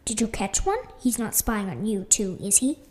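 A woman's voice: mid-range voice, expressive, normal speed, a little mellow, lightly acted. A woman voicing a cold male villain who speaks in a cool, clipped way.

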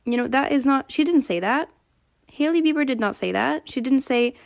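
Creaky-voiced chatty young woman podcaster. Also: high voice, normal speed. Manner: chatty, filler-heavy, animated quoting of others. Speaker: podcast host. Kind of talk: casual solo podcast monologue.

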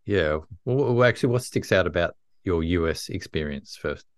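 A man's voice: low-pitched, animated, normal speed, no echo, clean studio sound. A man from Tasmania, hosting a conversational podcast interview and speaking hesitantly, with frequent fillers and restarts. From Tasmania, Australia. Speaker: podcast host.

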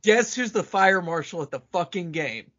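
A man co-hosting a casual movie commentary podcast, piling on jokes excitedly and swearing. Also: high-pitched, moderate pace, lo-fi sound. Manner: excitable, profane. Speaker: podcast co-host.

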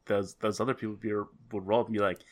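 A man's voice: fairly low pitch, flat delivery, fast talker. A Canadian man co-hosting a podcast, joking in casual chat with plenty of stumbling restarts. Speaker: podcast co-host.

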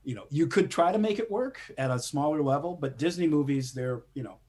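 Husky man telling animated stories. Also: on the high side, a little fast. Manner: animated storyteller, acts out quotes, laughs often. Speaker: guest screenwriter. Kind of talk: casual interview chat.

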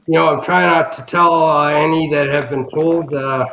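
A man's voice: on the high side, fairly even intonation, moderate pace, fairly bright tone, poor audio. A man telling wrestling stories as an interview guest, rambling, with many fillers and restarts. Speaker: guest, wrestling family member. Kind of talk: casual storytelling interview.

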